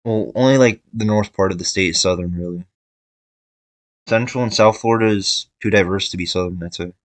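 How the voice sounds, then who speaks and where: A man's voice: sits low, a little fast, no echo, low-quality recording. A young man giving casual tier-list commentary, thinking aloud with fillers and restarts. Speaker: video creator ranking states.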